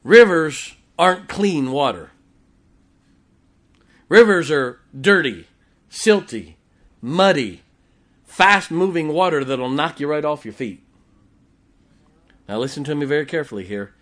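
A man's voice: a little high, animated, unhurried, pauses often, fairly bright tone. A man preaching a sermon to a congregation, folksy and emphatic, repeating his key lines and chuckling between points. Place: church before a congregation.

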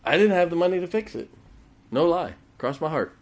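With a slightly high voice and a brisk delivery, a man preaches a sermon. He tells lively stories and performs the quoted voices of the characters in them.

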